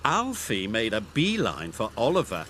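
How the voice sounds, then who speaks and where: A man narrating a children's storybook in a gentle, expressive telling. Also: lowish voice, moderate pace, background noise. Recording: narration with music underneath.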